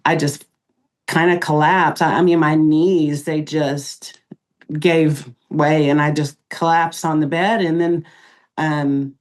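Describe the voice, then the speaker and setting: A middle-aged woman, a podcast guest, recounting events in an emotional interview, halting with many pauses and fillers. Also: low voice, steady tone, a little mellow.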